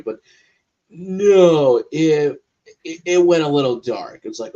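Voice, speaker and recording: A man's voice: fairly high pitch, normal speed, dull audio. A man co-hosting a watch party stream, chatting casually about cartoon episodes and acting out his own reactions. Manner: animated, acts out his own reactions in quotes.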